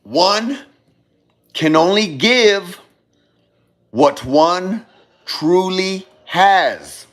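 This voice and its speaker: Slow-talking high-voiced man musing. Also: lively intonation, fairly bright tone. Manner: rambling, repeats and restarts phrases, swears, addresses listeners as brother. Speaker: speaker giving a monologue on love. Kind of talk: casual motivational talk.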